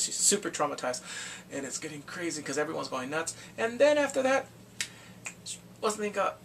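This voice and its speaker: A man recapping a TV drama in casual talk, acting out the characters' lines in quick animated bursts. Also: fairly high pitch, distant mic, slight background noise. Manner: animated, acts out quotes from the show in quick bursts. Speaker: drama reviewer.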